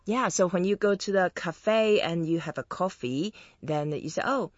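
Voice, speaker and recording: A woman hosting an interview who teaches Chinese words, slowing down and stretching sounds to model the tones. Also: on the low side, no room sound, highs cut off. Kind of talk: friendly interview and language lesson.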